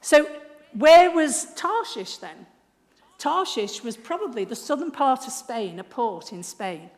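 A woman preaching a sermon, telling a story and swinging from hushed to loud. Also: fairly high pitch, sing-song, a little slow. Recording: echoey hall, faint noise.

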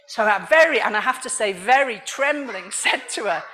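A middle-aged woman from Liverpool, giving an animated sermon with personal testimony and frequent laughs. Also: fairly high pitch, moderate pace, hardly any pauses. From Liverpool, England. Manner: animated storytelling, laughs often. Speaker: church speaker.

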